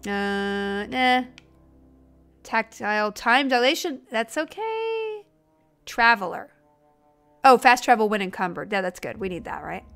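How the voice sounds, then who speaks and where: A woman streaming a video game live, excitable and chatty, talking through her choices. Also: fairly high pitch. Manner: excitable, chatty, self-deprecating. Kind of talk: live gameplay commentary.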